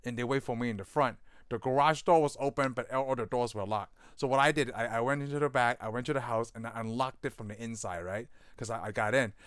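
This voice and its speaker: Man, middle-aged, casual movie chat, laughs a lot, excitable, smooth voice, dry close sound. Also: mid-range voice, fast, no echo. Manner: laughs often, loose and excitable. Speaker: podcast co-host.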